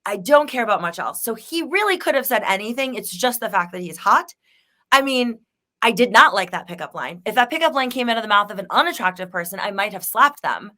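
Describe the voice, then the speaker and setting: Bright-voiced woman telling candid stories. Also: on the high side, a little fast. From Denver area. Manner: candid, animated storytelling with laughs. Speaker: podcast co-host. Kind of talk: casual chat.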